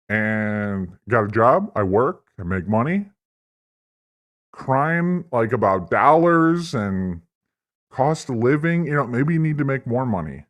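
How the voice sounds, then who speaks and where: Male stream host, slow-paced and mid-pitched, with a rambling, profane, mock-earnest rant delivery. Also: animated, fairly bright tone. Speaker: livestream host. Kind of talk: satirical political stream rant.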